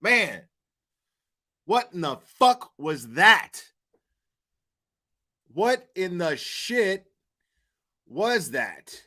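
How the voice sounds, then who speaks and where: A man's voice: sits high, sing-song, drawn-out words, pauses often, sharp tone. A young man hosting his channel, ranting heatedly and profanely with stammering restarts. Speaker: channel host. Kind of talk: casual vlog rant.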